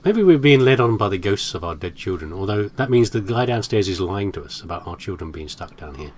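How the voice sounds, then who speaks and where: Playful guy mumbling through a horror game, lowish voice, lots of ups and downs. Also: lively intonation, fairly quick, slight background noise. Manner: playful, musing, self-mocking. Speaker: gaming commentator. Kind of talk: let's play commentary.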